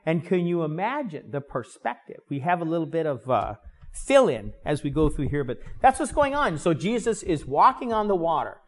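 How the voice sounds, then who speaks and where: Animated man preaching a sermon. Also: fairly high pitch, moderate pace. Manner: animated, conversational, many fillers. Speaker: pastor. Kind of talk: sermon, Bible teaching.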